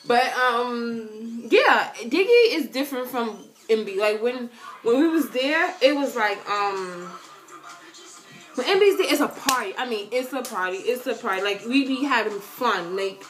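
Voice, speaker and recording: A young woman chatting casually to her webcam, slangy and animated, often breaking into loud quoted voices. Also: fairly high pitch, a little slow. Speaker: vlogger answering viewer questions. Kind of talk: casual chat to camera.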